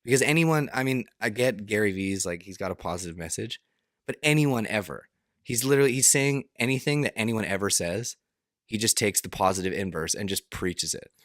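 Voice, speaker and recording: A man's voice: on the low side, animated, a little fast, a bit bright, no echo, studio quality. A young man co-hosting a podcast, talking in a rambling, hesitant way with many restarts and fillers. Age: young adult. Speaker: podcast co-host. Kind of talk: casual chat.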